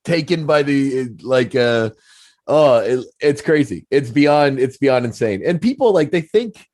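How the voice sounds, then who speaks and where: A man's voice: medium pitch, lively intonation, measured pace, a little mellow. A podcast host in casual chat, with a mid-range male voice. He wanders through his questions with likes and ums, and the sound is dry and close with no room echo. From Canada. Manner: rambling questions with many fillers.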